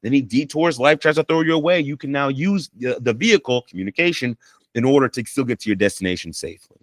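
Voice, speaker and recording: Speaking quickly with lively intonation in a mid-range voice, this counselor and life coach teaches communication skills in a relaxed, conversational style. He keeps checking in with "right?" and "you know," and demonstrates sample apologies and I-statements. The studio-quality audio has no room sound.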